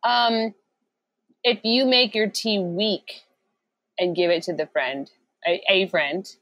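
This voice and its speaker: A woman's voice: medium pitch, takes it slowly, a bit bright, dry recording, low-quality recording. A woman co-hosting a podcast, reading out trivia with jokes and giggles in casual chat. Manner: jokey, giggly, reads out trivia. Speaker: podcast co-host.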